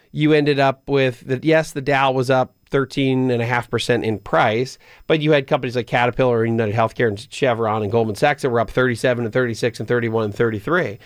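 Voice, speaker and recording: A man's voice: medium pitch, fairly even intonation, a little fast, dry recording, clean studio sound. Conversational male radio finance host. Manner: explanatory, conversational, restarts and repeats words. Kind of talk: radio call-in advice show. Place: radio studio. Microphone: studio microphone.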